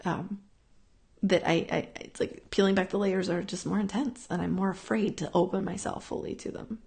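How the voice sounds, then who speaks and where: Earnest woman rambling with a gravelly edge. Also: medium pitch, fairly even intonation, normal speed, darkish tone. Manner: rambling, earnest, repeats herself, sniffs. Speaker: host answering viewer questions. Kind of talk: casual spiritual talk, live stream.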